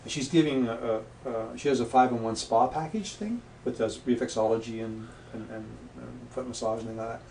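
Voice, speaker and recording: A mid-pitched man chats as a guest, spinning anecdotes and playing out the voices of the people in them. He sounds set back from the mic in a roomy, echoing space, with a faint hiss underneath. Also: fairly even intonation, brisk, vocal fry, few pauses, dark tone. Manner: anecdotal storyteller who acts out quoted voices. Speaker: guest, past life regression practitioner. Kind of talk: casual interview chat. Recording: echoey room, distant mic, faint noise.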